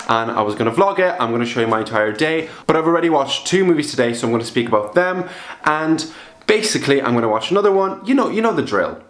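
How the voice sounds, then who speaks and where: Chatting to the camera in his apartment, a young vlogger rambles along and pokes fun at himself. His voice is medium in pitch and a bit bright, and the room is echoey.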